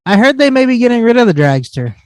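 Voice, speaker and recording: Podcast co-host, male, high voice, wisecracking, dry sound. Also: sing-song, fast, no echo. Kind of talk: joking casual banter.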